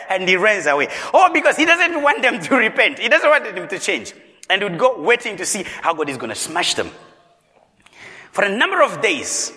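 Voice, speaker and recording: A man's voice: on the high side, very animated, moderate pace, sharp tone. A man preaching a sermon in a church hall, quizzing the congregation with rhetorical questions. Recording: long reverb in a large hall.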